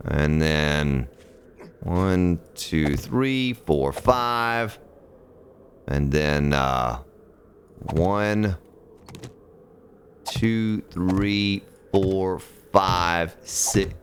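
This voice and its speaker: A man's voice: deep voice, lively intonation, drawn-out words, long pauses, slight background noise. A man streaming a building game, counting blocks aloud, chatting with viewers and grumbling at the game as he plays. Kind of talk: casual live-stream gameplay commentary.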